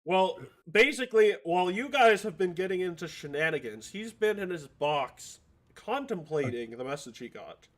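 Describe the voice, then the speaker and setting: A man's voice: high voice, expressive, normal speed. A man running a tabletop role-playing game, narrating in a rambling, joking way with many fillers. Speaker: game master.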